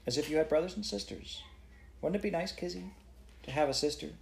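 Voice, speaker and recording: A man voicing a large, kindly woman magistrate who speaks in a soft, coaxing way. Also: lowish voice, animated, brisk, a little hiss or hum, natural voice.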